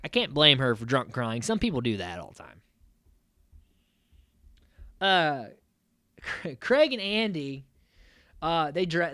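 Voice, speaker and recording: A man talking through a reality show recap with a very lively, up-and-down voice. He sounds exasperated and swears casually. The recording is close and dry. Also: a little high, dry recording. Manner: animated, exasperated, swears freely. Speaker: podcast host.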